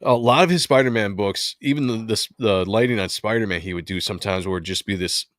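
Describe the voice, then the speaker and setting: Guy w a lowish voice hosting a comics podcast, dry close sound, chill and excited. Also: quick pace, no echo. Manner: relaxed, enthusiastic about the art. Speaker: podcast host. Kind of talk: casual chat about comics.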